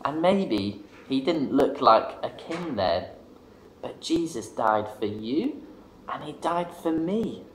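Relaxed man leading a kids' craft. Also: mid-range voice, slow pace, echoey room, slight background noise. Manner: relaxed, chatty, self-deprecating. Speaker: children's craft leader. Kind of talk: casual craft demonstration.

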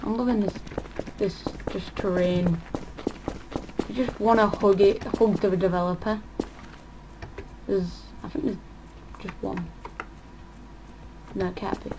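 A woman rambles through casual gameplay commentary, thinking aloud and trailing off mid-sentence. She talks at an unhurried, drawn-out pace. Noise hisses clearly under the recording. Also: mid-range voice, fairly even intonation. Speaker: gaming channel host. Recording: audible background noise.

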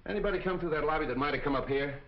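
An actor playing a brusque, hard-boiled police captain who barks orders. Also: male voice, on the high side, rapid-fire, natural voice. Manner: gruff, barking orders. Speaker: police detective. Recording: muffled 1940 film soundtrack with hiss.

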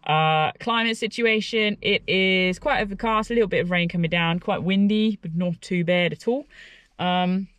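A woman's voice: fairly low pitch, moderate pace, a bit bright, no echo, highs cut off. Woman hiking vlogger, chatty, self-mocking, dry close camera sound. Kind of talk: casual vlog to camera. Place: outdoors by a lake.

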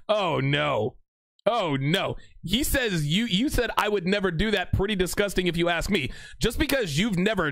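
A young man hosting a livestream, reading out chat messages with animated, joking banter and mock courtroom lines. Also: sits high, creaky, no room sound.

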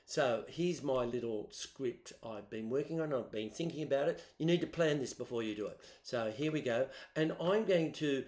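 A man teaching students, explaining music software step by step in a chatty way on a laptop microphone. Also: mid-range voice, normal speed, hardly any pauses. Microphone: built-in laptop microphone. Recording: roomy echo.

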